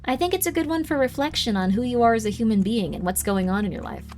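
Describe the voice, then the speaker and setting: A woman's voice: a little high, quick pace, darkish tone, slight background noise. A woman streamer giving casual live game commentary in a bubbly, goofy, self-deprecating way. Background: faint game music.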